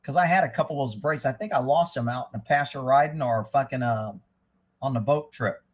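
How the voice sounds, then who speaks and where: A man's voice: medium pitch, brisk. A middle-aged man hosting a live stream, reading headlines aloud and ranting about them with heavy profanity. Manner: reads news headlines then reacts. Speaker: livestream host.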